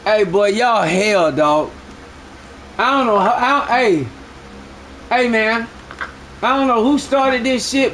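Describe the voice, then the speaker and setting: A man live-streaming a game, bantering loudly with friends in profane slang. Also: very high-pitched, takes it slowly, pauses often, a little hiss or hum.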